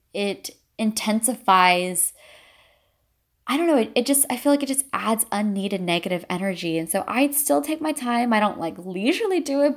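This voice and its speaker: A mother shares her own story in an earnest, reflective monologue. Her voice sits at a middling pitch with a noticeable gravelly fry, and she links her thoughts with frequent "and so"s. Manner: earnest and reflective, often starting with "and so". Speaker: mother sharing parenting experience.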